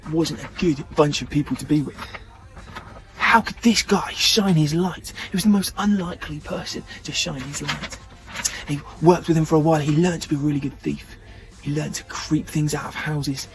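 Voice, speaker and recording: Chatty storyteller, man, fairly high voice, for children's church. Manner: lively, chatty with fillers.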